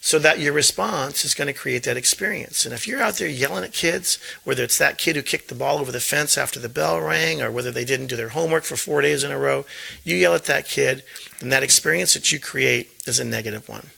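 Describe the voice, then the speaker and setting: Man, middle-aged, school principal, very gravelly voice, earnest, restarts phrases. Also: mid-range voice, fairly quick, bright, forceful tone, rough recording. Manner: earnest, repeats words as he thinks. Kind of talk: casual interview talk.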